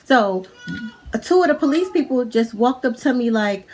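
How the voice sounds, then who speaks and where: A woman's voice: fairly high pitch, animated, normal speed, a little hiss or hum. A young woman with a New York accent telling a personal story at home in a casual storytime vlog, chatty and profane, full of "like" and restarts. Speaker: vlogger. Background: faint music.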